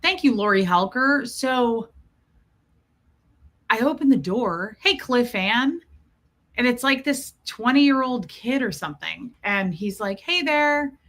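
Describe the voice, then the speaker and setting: A woman's voice: a little high, animated, slow pace, a bit bright. A woman hosting a casual livestream, chatting and greeting viewers by name as she tells a story. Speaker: livestream host.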